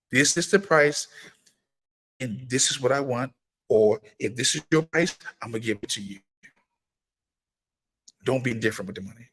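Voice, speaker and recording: A man hosts a casual livestream, talking to his viewers in a middle-pitched voice. He preaches more than he chats, leaning hard on repeated lines and emphatic stress. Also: moderate pace, long pauses, slightly rough. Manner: breaks into high-pitched excited exclamations when greeting viewers. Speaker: firearms trainer and livestream host. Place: gun laws in Maryland.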